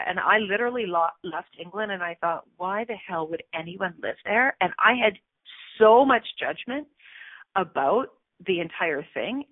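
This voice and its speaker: Hosting her radio talk show, a middle-aged coach shares a personal story in an open, talkative, emotional way, full of fillers and occasionally tearful. Her voice sits on the low side in a dry recording over a tinny phone line.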